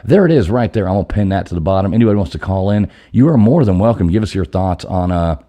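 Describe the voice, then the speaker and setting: Easygoing male livestream host, deep and mellow, rambling and friendly. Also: expressive, fast. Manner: easygoing, rambling, greets viewers by name. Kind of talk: casual live show chat.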